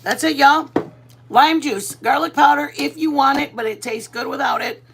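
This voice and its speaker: A woman's voice: sits high, normal speed, creaky, fairly bright tone. A woman from Texas chatting casually while she cooks on a livestream, laughing often and mixing in Spanish words. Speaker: vlogger. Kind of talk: casual cooking livestream chat.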